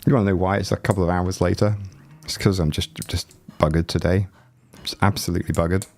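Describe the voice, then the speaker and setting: This man's low voice is quick, a little mellow and fairly even in intonation, though his chest cold gives it a rattle. He's a YouTuber livestreaming from home, chatting and joking with viewers in a loose, meandering way on a desk mic with no headphones.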